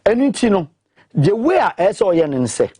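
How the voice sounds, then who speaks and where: A man with a Ghanaian accent, speaking emphatically in an animated discussion that mixes English and Twi, pressing his points with repeated questions. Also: sits high, a little slow, slightly rough, dry recording, clean studio sound.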